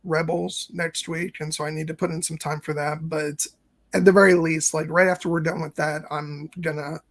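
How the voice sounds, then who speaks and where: A man in his late thirties speaks in a casual podcast chat, his fairly high voice edged with a gravelly fry. He talks earnestly and reflectively, letting his sentences wind along as he thinks out loud. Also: level tone, normal speed. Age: late 30s. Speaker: co-host, first-time viewer.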